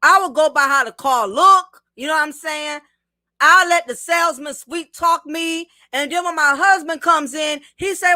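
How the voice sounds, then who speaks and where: Bright, high-pitched woman preaching emphatically. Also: normal speed, no echo, clean studio sound. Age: adult, married. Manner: emphatic, preachy, talks straight to the viewer. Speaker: livestream host. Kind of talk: casual commentary reading viewer comments.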